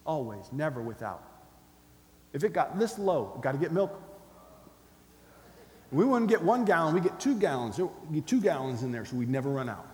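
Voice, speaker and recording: A man's voice: a little high, very animated, moderate pace, pauses often, a little mellow. A man preaching a sermon as pastor, emphatic, leading his listeners in call-and-response. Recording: echoey hall, faint ambience.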